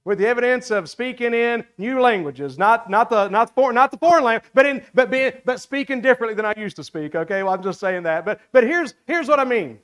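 A man's voice: extremely high pitch, expressive, a little fast, hardly any pauses, fairly bright tone. A male pastor with a Southern American accent preaching a sermon, emphatic and repetitive, with folksy asides to his congregation.

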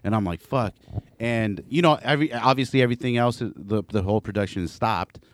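A man casually telling a story to friends on a podcast, animated and profane, acting out what people said. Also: on the low side, quick pace, a little hiss or hum. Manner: animated, profane, acts out quoted voices. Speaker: podcast co-host.

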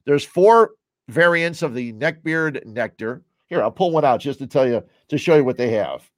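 Drinking a beer at home, a Chicago-area man runs his own show, talking casually and wandering among topics. He sounds animated, with a medium pitch and normal pace, and the audio is studio quality with no echo.

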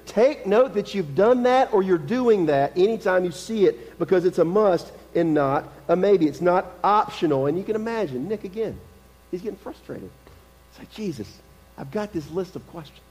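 A man with a high voice preaches a sermon, talking to the congregation as if chatting while hammering home his points. He repeats key phrases for emphasis, and his voice rings with the long reverb of a church hall. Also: lively intonation, moderate pace, a little mellow. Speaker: pastor. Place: church sanctuary.

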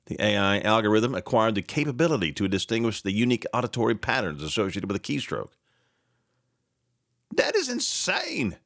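A man hosting a casual morning radio show, greeting texters, pitching a sponsor and reacting to the news in a rambling, animated way. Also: quick pace, creaky, hardly any pauses, dry recording, studio quality. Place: radio studio. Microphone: studio microphone.

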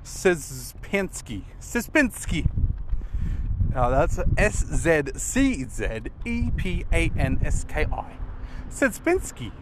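A man's voice: on the high side, sing-song, takes it slowly, hardly any pauses. A young Australian man rambling casually as he rates names, sounding them out and adding self-mocking asides. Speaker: video creator rating player names. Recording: outdoor traffic noise.

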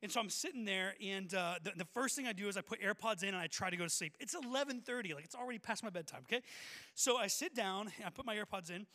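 A young man preaching a sermon as a pastor, telling a personal story with lively acted-out voices. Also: high-pitched, fast talker. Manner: energetic storyteller, acts out voices of people in the story. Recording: long hall reverb.

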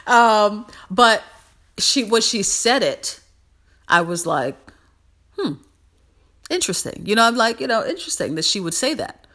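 A woman hosting a podcast in a casual motivational monologue, animated and emphatic, repeating phrases for emphasis. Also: medium pitch, normal speed. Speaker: podcast host.

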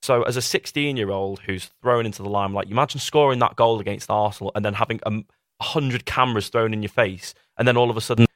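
A man's voice: medium pitch, fast talker, fairly bright tone, no echo, clean studio sound. A man, co-hosting a review podcast, making his case in casual debate and acting out quoted voices. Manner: argumentative, acts out quoted voices. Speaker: podcast co-host reviewing a documentary.

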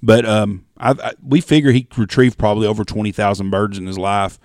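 A man's voice: fairly low pitch, fairly even intonation, brisk, darkish tone, no echo, clean studio sound. A man hosting a podcast, chatting casually and asking his guest leading questions in a folksy way. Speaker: podcast host. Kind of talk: casual interview chat.

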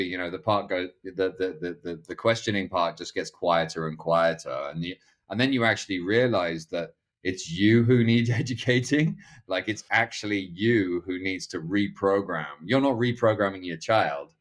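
A man's voice: low-pitched, normal speed. A middle-aged man talking as a podcast guest, rambling with many restarts and fillers. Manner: acts out other people's lines in quoted voices. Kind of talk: casual conversational interview.

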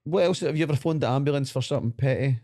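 A Scottish man co-hosting a podcast, chatting casually as an animated storyteller who laughs often and swears. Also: mid-range voice, very fast. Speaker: podcast co-host. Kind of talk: casual chat.

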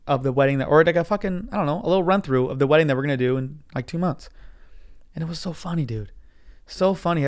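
A man hosting a podcast alone, telling a story in a casual, profane, excitable way and saying "dude" all the time, his voice a little hoarse. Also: a little high. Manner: profane, animated, says dude constantly. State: hoarse from cigars. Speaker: podcast host.

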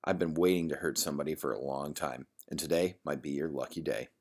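A man's voice: extremely low pitch, fast. A man reading the part of a tough young man eager for a fight, cocky and threatening.

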